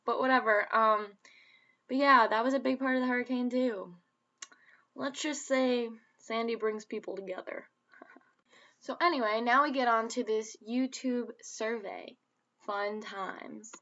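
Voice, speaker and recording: A woman's voice: mid-range voice, fairly bright tone, dull audio. A woman vlogging in a casual chatty way, upbeat and rambling, full of ums and likes.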